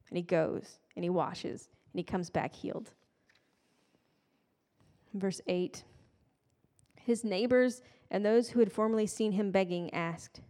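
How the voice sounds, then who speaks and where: A woman's voice: mid-range voice, unhurried, pauses often, dark tone. A woman giving a casual, conversational sermon with playful, self-deprecating asides. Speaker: preacher. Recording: long hall reverb.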